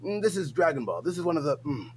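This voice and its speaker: A man putting on a pompous, stuffy fancy gentleman with overly formal, mock-posh diction as a comedy bit on a livestream. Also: fairly high pitch, huge pitch swings, quick pace, slight background noise, exaggerated voice.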